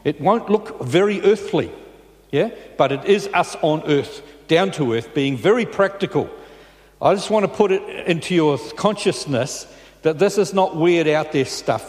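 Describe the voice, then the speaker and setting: A male pastor delivers his sermon in a loose, conversational style, pausing to check in with the congregation. His voice sits a bit higher than most men's, and it rings with a long reverb from the large church around him. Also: a little mellow.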